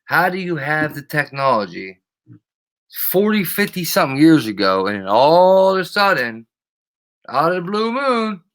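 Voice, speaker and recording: A man's voice: on the high side, sing-song, moderate pace, a bit bright. A man hosting a live stream, ranting casually and profanely and greeting his chatters by name.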